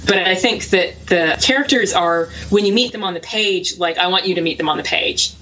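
A woman author talking casually in an interview, quick and self-deprecating, laughing often. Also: lowish voice, a bit bright, muffled recording, slight background noise. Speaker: author guest.

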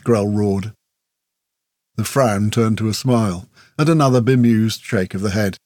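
A man reading a story as audiobook narrator, measured and steady. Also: on the low side, no room sound, studio quality. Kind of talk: scripted narration.

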